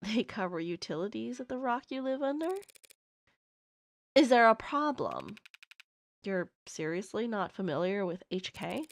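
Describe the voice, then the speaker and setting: A woman voicing a stiff, sharp-tongued young female detective who speaks curtly and sarcastically in a visual novel reading. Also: medium pitch, big pitch swings, a little slow, creaky, long pauses, pitched below the performer's own voice. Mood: sarcastic. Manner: curt and sarcastic.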